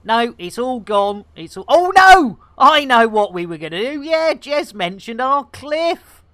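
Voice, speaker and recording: A woman's voice: fairly high pitch, lively intonation, unhurried, bright, forceful tone, dry recording. A woman chatting playfully and giggling with viewers on a live game stream, speaking into a headset.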